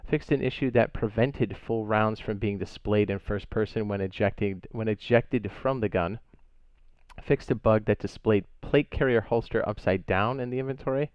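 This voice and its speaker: A man's voice: fairly low pitch, smooth, no echo, dull audio. A man hosting a gaming channel, reading out update notes with offhand asides and fillers. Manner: reads list items aloud with offhand asides and fillers. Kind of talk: casual patch-notes rundown.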